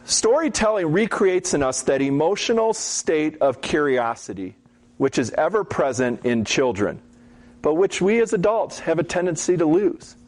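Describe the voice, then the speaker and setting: A man giving a Bible teaching talk, telling stories in a relaxed, conversational way and often checking in with "okay?". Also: a little high, moderate pace, slight background noise.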